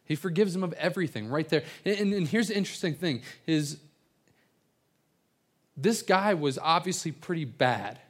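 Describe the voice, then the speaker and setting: A man's voice: fairly high pitch, lively intonation, moderate pace. A man preaching an evening sermon, telling stories earnestly with frequent stammered restarts and repeated words. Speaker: pastor.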